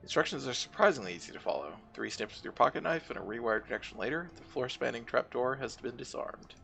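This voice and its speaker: A man's voice: mid-range voice, animated, fast talker, vocal fry, fairly bright tone. A man streaming a video game, reading its narration aloud and wryly commenting on it. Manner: wry, reads vivid game narration and reacts casually.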